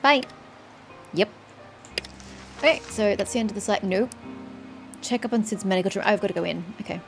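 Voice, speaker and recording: A woman's voice: mid-range voice, brisk, faint music behind. A woman playing a story game, chatting and thinking aloud with casual swearing. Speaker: gamer. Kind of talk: let's play commentary.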